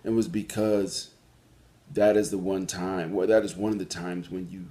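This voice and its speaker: A man with a very deep, low voice hosts a call-in show on his own. He talks earnestly and reflectively, often pausing, saying "um," and starting a phrase over before he finds it. The tone is sincere, unscripted storytelling. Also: steady tone, dark tone. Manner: earnest, reflective storytelling with frequent pauses and restarts. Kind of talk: solo monologue on a talk show.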